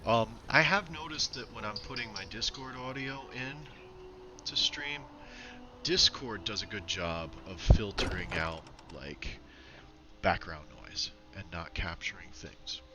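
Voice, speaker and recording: A man's voice: lowish voice, measured pace. A man streaming a video game, chatting casually and joking, with laughs and whispered asides. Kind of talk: casual live-stream chat. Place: home room with birds outside. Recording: noisy room with bird sounds.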